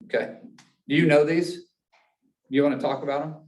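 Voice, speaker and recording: Male class instructor, brisk and questioning, recorded from across an echoey room. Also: fairly high pitch, steady tone, a little mellow. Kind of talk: classroom teaching. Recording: echoey room, mic far off.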